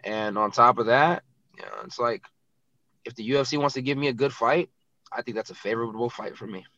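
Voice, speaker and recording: A man's voice: medium pitch, brisk, sharp tone, no echo, muffled recording. A man who is a professional fighter, talking bluntly and brashly in a casual interview, filling his speech with "you know, it's like".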